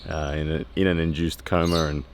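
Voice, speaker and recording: A man in his thirties talking candidly to camera after a training session, pausing often with fillers. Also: a bass voice, little pitch movement, background noise. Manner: candid and reflective, with many pauses and fillers. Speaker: strength training vlogger. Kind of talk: casual post-workout vlog talk. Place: training area after a workout.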